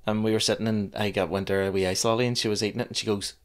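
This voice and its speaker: A man's voice: lowish voice, level tone, rapid-fire, smooth. A man in his thirties with a Northern Irish accent, co-hosting a podcast in a jokey, storytelling way. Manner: jokey, storytelling, dry quips. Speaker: podcast co-host. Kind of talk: casual chat.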